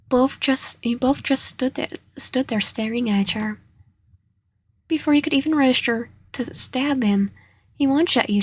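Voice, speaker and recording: A woman's voice: fairly high pitch, breathy edge. A young woman reading a dating sim aloud, often stumbling over words and correcting herself. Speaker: gaming channel host.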